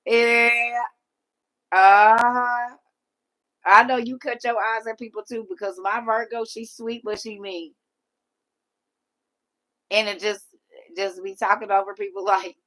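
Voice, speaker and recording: A middle-aged woman hosting a livestream, reading and answering chat comments with lots of laughter. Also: mid-range voice. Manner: animated, laughing often, talks back to chat. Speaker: livestream host.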